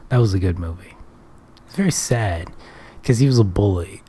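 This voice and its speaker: A man's voice: on the low side, expressive, a little fast, warm tone. A young man talking to camera in a casual, rambling monologue, offhand and jokey, often trailing off and restarting, with some swearing. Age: young adult. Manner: profane. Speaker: vlogger.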